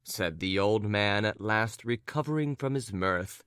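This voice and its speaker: A man narrating a classic novel as an audiobook in a low, measured storytelling voice. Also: fairly bright tone, smooth, dry recording, clean studio sound. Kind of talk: scripted narration.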